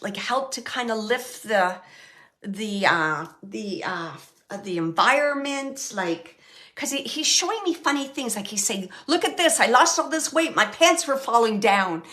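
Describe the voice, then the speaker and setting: A woman working as a medium, giving a live reading to an audience member, talking in halting phrases with many fillers and repeating words as she relays messages. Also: fairly high pitch, pushed and bright. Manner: relays messages, quotes the dead man.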